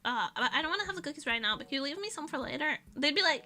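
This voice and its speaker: Bright, high-voiced young woman streamer. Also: animated, a little fast, faint music behind. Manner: rambling, self-mocking, laughing often. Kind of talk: casual chat.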